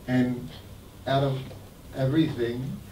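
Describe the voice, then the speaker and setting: Older man telling animated stories. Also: mid-range voice, slow, a little hiss or hum. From United States. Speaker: guest speaker sharing memories. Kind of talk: anecdotal storytelling talk. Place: temple hall. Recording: echoey hall, mic at a distance.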